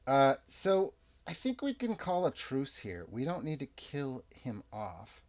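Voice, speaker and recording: A man narrating and rules-explaining a solo tabletop role-playing game in an unhurried, chatty way. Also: medium pitch. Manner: unhurried, chatty, lively ups and downs. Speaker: game master and player.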